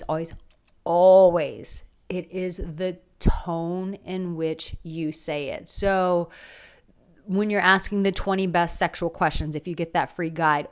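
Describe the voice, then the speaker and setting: A woman in her thirties giving dating advice straight to camera, candid and emphatic, moving between punchy lines and hushed ones. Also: fairly low pitch, smooth. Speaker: dating coach. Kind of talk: direct-to-camera advice talk.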